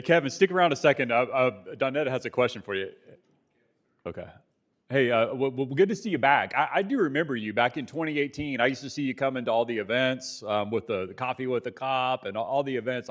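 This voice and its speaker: Man, council meeting chair, plain conversational delivery, mid pitch, desk mic. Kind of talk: presiding over a city council meeting. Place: city council chamber.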